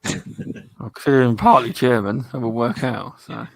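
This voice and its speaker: A man co-hosting a casual gaming podcast, chatty and animated when telling a story. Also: medium pitch, moderate pace, vocal fry.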